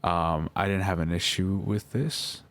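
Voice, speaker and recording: A young man telling his side of a story in a halting, emotional monologue, swearing and correcting himself as he goes. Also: deep voice, fairly even intonation, fairly bright tone. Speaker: vlogger responding to accusations.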